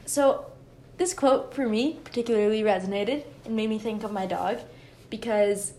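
A woman's voice: mid-range voice, moderate pace, mellow, a little hiss or hum. A young woman co-hosting a podcast, chatting casually, giggly and rambling with many restarts. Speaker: podcast co-host. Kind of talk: casual chat.

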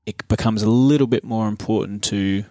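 A young man co-hosting a fitness podcast in a relaxed, joking way, laughing often. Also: lowish voice, moderate pace, dry recording, clean studio sound. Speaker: podcast co-host, fitness coach. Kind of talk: casual chat.

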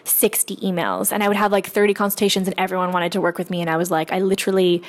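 A woman's voice: on the low side, flat delivery, quick pace. A woman author and coach telling a candid, casual story about money, swearing freely and using many fillers.

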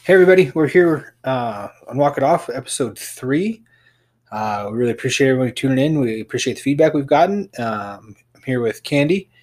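A man hosting a casual podcast, speaking haltingly with many restarts. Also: mid-range voice, lively intonation, darkish tone. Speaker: podcast host.

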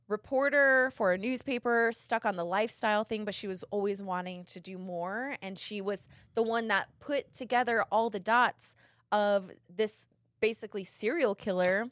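A young woman co-hosting a podcast in casual chat, blunt and quick to laugh, swearing often. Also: mid-range voice, fairly bright tone, dry recording. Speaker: podcast co-host.

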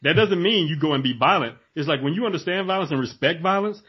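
A man talking in an animated casual chat, acting out voices in his stories. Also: on the high side, quick pace, husky. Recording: dull lo-fi recording.

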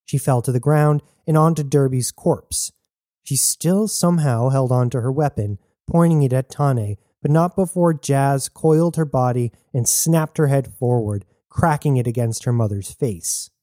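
A man reading a science fiction story aloud as a narrator, in an even storytelling manner. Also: mid-range voice, unhurried, dry recording, studio quality. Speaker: audiobook narrator. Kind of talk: scripted narration.

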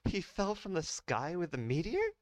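Guy putting on a high-pitched curious young woman in a homemade sci-fi audio drama, eager questions, dry close sound. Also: wildly swooping pitch, normal speed, no room sound. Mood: questioning.

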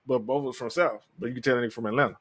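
A man with a Southern accent from Memphis, hosting a podcast and telling profane, animated stories in casual chat. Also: medium pitch, racing. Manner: animated storytelling, profane, laughs loudly. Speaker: podcast host.

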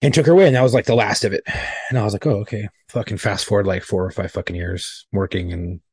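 A man's voice: on the low side, fast, darkish tone, breathy edge, dry recording. A man, a podcast co-host and police officer, chatting in a laid-back, profane way. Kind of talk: casual chat.

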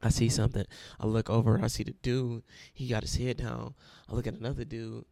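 A man's voice: mid-range voice, little pitch movement, fairly quick, creaky, warm tone, no room sound. A young man sharing a personal testimony, telling his story earnestly and repeating phrases for emphasis.

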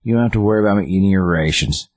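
Man paraphrasing a big gruff male brute, offhand, husky low voice. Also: very fast, darkish tone. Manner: casual offhand retelling.

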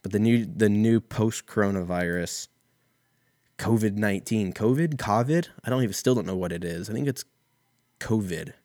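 A man's voice: on the low side, moderate pace, a little mellow, no echo, studio quality. A man hosting a casual solo talk, rambling in a wry, profane way. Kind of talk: casual solo comedic rant.

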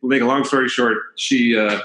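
A man in his fifties tells a personal story as a guest on a talk show. He rambles and corrects himself as he goes, keeping an easy, animated storyteller's flow. His voice sits at a middle pitch and carries a noticeable roomy echo. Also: normal speed. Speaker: podcast guest. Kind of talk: storytelling in conversation.

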